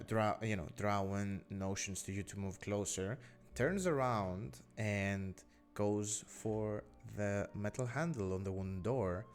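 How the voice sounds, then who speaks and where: A man narrating as game master in an online tabletop game, pausing often with filler sounds as he describes the scene. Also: on the low side. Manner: unhurried, many filler "uh"s, hedging descriptions. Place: online voice call.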